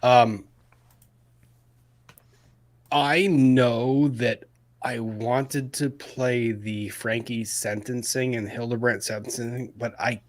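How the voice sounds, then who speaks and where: A man's voice: mid-range voice, steady tone, slow pace, long pauses. A man hosting a casual live-stream chat, talking in a blunt, emphatic way. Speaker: host.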